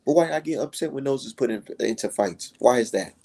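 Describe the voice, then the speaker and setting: A man hosting a live stream, ranting heatedly with lots of profanity and sudden jumps in pitch. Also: fairly quick, vocal fry, warm tone, breathy edge.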